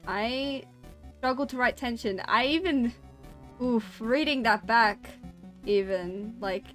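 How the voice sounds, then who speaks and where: A woman's voice: on the high side, takes it slowly, a bit bright. Female streamer, storytelling read with a chatty, self-conscious manner; faint music under her. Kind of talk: reading a spooky story aloud.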